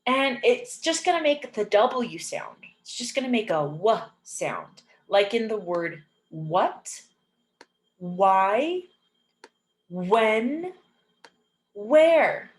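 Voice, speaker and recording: A woman teaches English sounds, drawing every word out slowly and saying it over and over with patient care. Her voice sits at a middle pitch. It rings in an echoey room. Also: expressive. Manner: repeats each word slowly and clearly, patient. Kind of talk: slow, clear phonics lesson.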